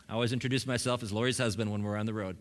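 A middle-aged man preaching a sermon, telling his story in an animated way with humorous asides. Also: on the low side, very fast. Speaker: pastor. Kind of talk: sermon testimony.

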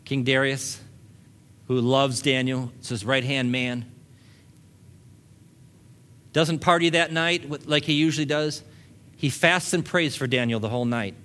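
A man's voice: mid-range voice, a little slow, pauses often, sharp tone. A male pastor preaching a sermon, building emphasis with casual asides to the congregation.

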